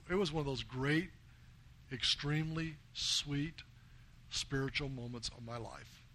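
A man's voice: medium pitch, fairly bright tone. Earnest American man preaching. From United States. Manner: earnest storytelling, quoting others in plain voice. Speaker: missionary preacher. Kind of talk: sermon.

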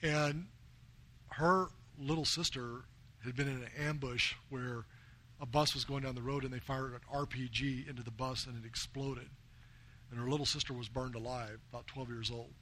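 Man, American, missionary preacher, earnest storytelling sermon, medium pitch. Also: fairly even intonation, moderate pace, a bit bright, slight background noise. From United States. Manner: earnest storytelling, quoting others in plain voice.

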